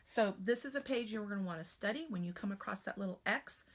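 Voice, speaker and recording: An American woman teaching spelling in a live online class. She talks in a chatty, animated way and sometimes slips into playful silly voices. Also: mid-range voice, fast talker. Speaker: spelling trainer.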